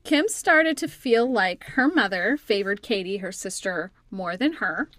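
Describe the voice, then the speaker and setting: A woman's voice: mid-range voice, expressive, a little slow, a bit bright, no room sound. A woman co-hosting a podcast, reading a true crime story with teasing, profane banter and frequent laughs. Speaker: podcast co-host.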